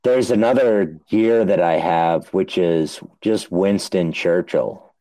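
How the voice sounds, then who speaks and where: Slow, low-voiced man rambling. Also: warm tone, dry recording, rough recording. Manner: slow, rambling, hesitant, profane. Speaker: podcast co-host. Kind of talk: casual chat.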